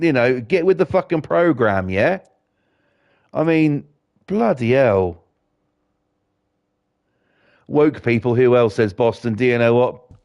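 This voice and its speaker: A man's voice: medium pitch, highs cut off. Sweary man ranting. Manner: sweary, rambling, fired-up. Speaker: gaming streamer. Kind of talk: ranting commentary while gaming.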